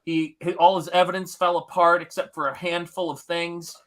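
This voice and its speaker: A man co-hosting a podcast, chatting casually and retelling a story with lively acted-out quotes. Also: moderate pace. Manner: animated storyteller, acts out quotes in a higher voice. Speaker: podcast co-host.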